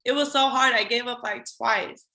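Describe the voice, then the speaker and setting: A woman talks through her own story as a podcast guest, slipping into her old lines as she goes. Her voice is bright and forward, and it rings a little in an echoey room. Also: on the high side, fairly even intonation, moderate pace. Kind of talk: casual interview chat.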